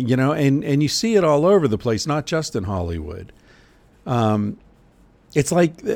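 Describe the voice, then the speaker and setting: A middle-aged man riffs through a casual podcast monologue with a sardonic, profane edge. His voice sits low and gravelly. The sound is close and dry. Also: darkish tone, no room sound. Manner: sardonic, profane, jokey rants. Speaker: podcast host. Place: lives in Portland.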